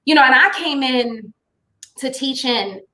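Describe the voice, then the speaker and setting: A woman chats as a guest in a casual live-streamed interview. Her voice sits a little high. She talks loosely, filling her talk with "you know" and "like," and laughs easily. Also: measured pace, pushed and bright.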